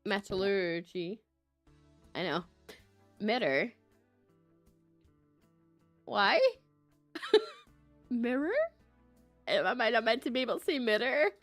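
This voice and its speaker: A woman's voice: medium pitch, normal speed, a bit bright, dry recording, soft background music. A woman with a Scottish accent giving casual, chatty livestream commentary over a game, reading and joking at herself. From Scotland. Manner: chatty, self-mocking, laughs often.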